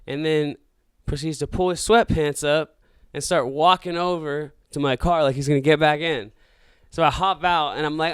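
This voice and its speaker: A man hosting a podcast, casually telling a story in a loose, profane, animated way full of acted-out dialogue. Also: a little high, normal speed, clean tone, dry recording, clean studio sound. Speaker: podcast host.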